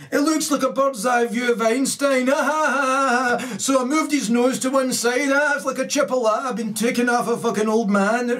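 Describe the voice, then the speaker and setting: Man impersonating a rowdy Scottish comic: high, cackling, crude. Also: fairly bright tone, distant mic. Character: loud crude male Scottish stand-up comic.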